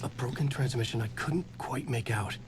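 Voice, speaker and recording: An actor playing a troubled writer in a game, narrating in a brooding inner monologue. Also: male voice, mid-range voice, normal speed, very noisy, natural voice. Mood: uneasy. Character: troubled adult male writer narrating his ordeal.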